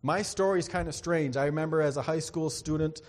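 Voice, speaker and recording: A man's voice: on the high side, fairly quick. A man preaching a sermon, telling a personal story in an earnest, dramatic way and acting out the other voices. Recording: long hall reverb.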